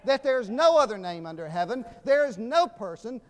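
Speaking at normal speed, this older man from Georgia, USA, has a very high-pitched, very animated voice and a Southern accent. His sermon moves from folksy storytelling and humor to emphatic proclamation, echoing with the long reverb of a large hall.

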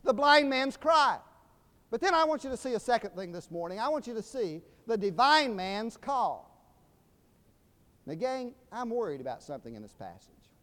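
An older Southern preacher from Georgia delivers a sermon, his voice pitched notably high for a man. He spins folksy, humorous stories and then presses his points with rising emphasis. His words ring out with the long reverb of a large hall. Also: big pitch swings, moderate pace, bright, forceful tone. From Georgia, USA.

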